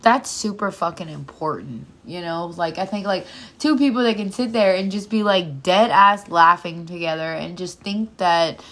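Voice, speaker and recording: Bright-voiced laughing woman podcaster. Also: lowish voice, normal speed, hardly any pauses. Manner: laughs often, swears casually. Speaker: podcast co-host. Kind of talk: casual chat.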